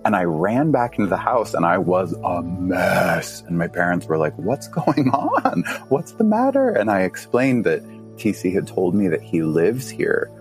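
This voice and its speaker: A man on a podcast, telling a story in a casual, animated way, laughing often and jumping up in pitch as he acts out his younger self. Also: normal speed, faint music behind. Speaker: podcast guest.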